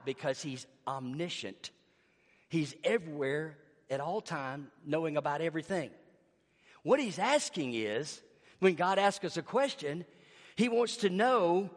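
A preacher man delivering a sermon at an unhurried, drawn-out pace, his voice sitting a touch high. He drops to near-whispers, then rises to full-throated shouts, and the long reverb of a big church hall trails after every line. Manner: dramatic swings from hushed to shouting.

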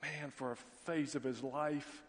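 A middle-aged male pastor delivers a sermon in a slightly higher voice than most men, acting out the people in his stories with folksy asides. His voice carries a long reverb from the large church hall around him. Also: measured pace. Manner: storytelling, animated quoted voices, folksy asides. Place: church sanctuary.

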